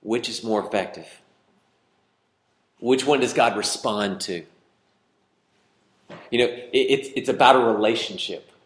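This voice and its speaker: A man, preaching a sermon in a conversational way and teasing the congregation with questions. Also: fairly low pitch. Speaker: pastor. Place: church hall with congregation. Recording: echoey church hall.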